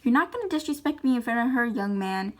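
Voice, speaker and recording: A woman voicing a loud, bossy, teasing mother in a toy-figure video skit, with a squeaky, domineering, mocking manner. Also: expressive, fast, slight background noise, lightly acted. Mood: scolding.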